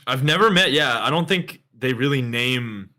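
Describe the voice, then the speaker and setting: Bright, lively Canadian man. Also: mid-range voice, moderate pace. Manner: laid-back, slangy, swears, laughs. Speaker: guest co-host. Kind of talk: casual live-stream chat.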